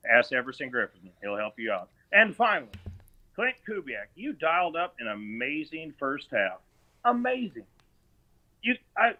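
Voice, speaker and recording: Guy ranting on a sports podcast, all over the place pitch-wise, kinda muffled audio. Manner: animated, mocking, does exaggerated voices. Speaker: podcast host.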